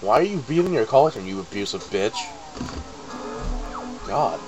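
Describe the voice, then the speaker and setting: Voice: medium pitch, very animated, unhurried, over music, poor audio. Sarcastic, crude co-commentator. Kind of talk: casual gaming commentary.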